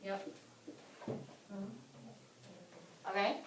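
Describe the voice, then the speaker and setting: A woman's voice: medium pitch, fairly even intonation, extremely slow, heavy background noise. A woman teaching a classroom lesson, upbeat and encouraging, asking lots of questions. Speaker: English teacher. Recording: echoey classroom from far off.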